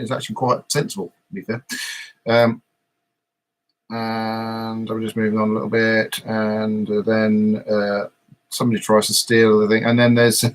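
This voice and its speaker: Man meandering through a podcast recap. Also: lowish voice. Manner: meandering episode recap, frequent hesitations. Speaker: podcast host. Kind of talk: casual live podcast chat.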